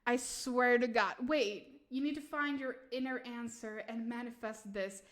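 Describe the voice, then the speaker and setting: A young woman, streaming tarot readings and chatting with her viewers, laughing often and answering chat in an animated way. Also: fairly high pitch, unhurried. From Sweden. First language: Swedish. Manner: giggly, animated, talks back to chat. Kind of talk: casual live-stream chat.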